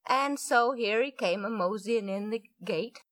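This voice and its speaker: A woman's voice: on the high side, unhurried, a bit bright, no echo. A woman telling a folksy story in a chatty way, with many asides to her listeners.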